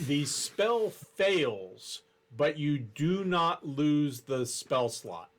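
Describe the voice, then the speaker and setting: Slow, measured male dungeon master. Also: a little high, sing-song, a little hiss or hum. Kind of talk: narrating a tabletop game.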